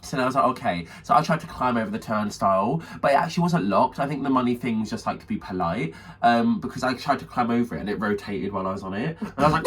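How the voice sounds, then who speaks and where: Animated man telling a rambling story. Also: mid-range voice, quick pace, hardly any pauses. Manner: animated, swears freely, mimics people in his stories. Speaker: podcast co-host. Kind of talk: casual storytelling chat. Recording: distant mic with faint background noise.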